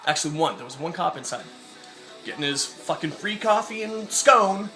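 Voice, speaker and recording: A man's voice: a little high, lively intonation, moderate pace, pushed and bright, soft background music. A young man telling an angry personal story in a vlog, swearing a lot and acting out the people he quotes. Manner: profane, ranting, acts out quoted voices. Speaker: vlogger.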